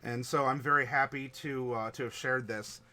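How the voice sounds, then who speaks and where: A man's voice: medium pitch, fairly even intonation, moderate pace, sharp tone. A tired man running a tabletop game stream, wrapping up with lots of fillers and restarts. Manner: rambling, many fillers and restarts. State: tired, short on sleep. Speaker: game master.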